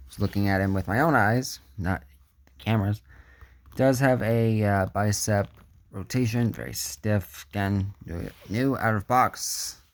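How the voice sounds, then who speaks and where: A man's voice: fairly low pitch, measured pace, dry recording. A man giving a casual hands-on action figure review, chatty and muttering asides to himself as he handles the figure.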